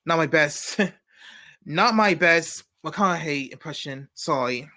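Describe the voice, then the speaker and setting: A man's voice: on the high side, unhurried, sharp tone. A man hosting a comedy news segment, reading jokes with frequent stumbles and self-corrections. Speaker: comedy show host.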